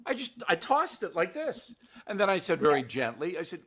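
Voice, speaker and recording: A man's voice: sits high, huge pitch swings, a little fast, fairly bright tone. An older man hosting a political commentary show, blunt and emphatic, mocking what he dismisses. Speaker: host.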